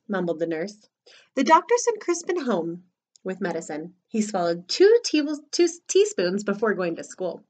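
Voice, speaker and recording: A woman teacher reading a picture book aloud for preschool children, in an expressive, animated way. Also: on the low side, moderate pace. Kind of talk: storybook read-aloud for children.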